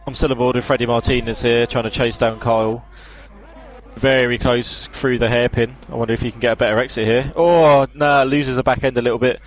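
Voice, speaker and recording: A young man co-commentating a sim race live, chatty and quick, laughing easily. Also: mid-range voice, flat delivery. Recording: dull lo-fi mic with faint music.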